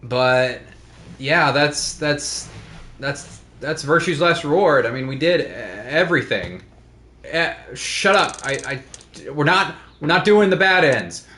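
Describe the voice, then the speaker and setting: A man's voice: a little high, expressive, measured pace, pushed and bright, roomy sound, slight background noise. A man co-hosting a let's play, chatting casually in a rambling way with plenty of swearing. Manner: rambling, profane. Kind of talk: casual chat.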